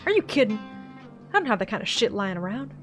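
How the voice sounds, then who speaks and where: A woman doing a gruff old Southern backwoodsman. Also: mid-range voice, sing-song, a little fast, music in the background, natural voice. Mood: threatening. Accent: put-on generic Southern US. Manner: growling, folksy, grumbling. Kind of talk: voiced-over game dialogue.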